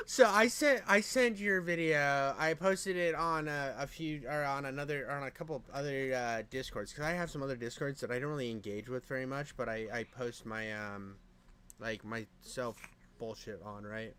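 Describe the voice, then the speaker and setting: A man's voice: medium pitch, normal speed, bright, forceful tone, clean tone. A man from Nevada in casual conversation, rambling and swearing, with "dude" and "bro" in almost every sentence. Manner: rambling, profane, says "dude" and "bro" a lot. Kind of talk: casual chat.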